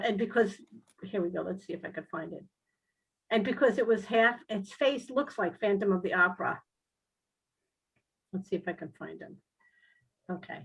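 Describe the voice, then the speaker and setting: A woman, a guest and animal rescuer, telling a comic story on a video call in an animated, lively way, with big jumps in pitch. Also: low-quality recording. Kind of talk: casual storytelling on a talk show.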